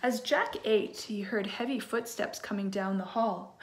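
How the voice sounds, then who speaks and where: A woman teacher reading a children's storybook aloud in an expressive way, with asides to her listeners. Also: medium pitch, unhurried, few pauses.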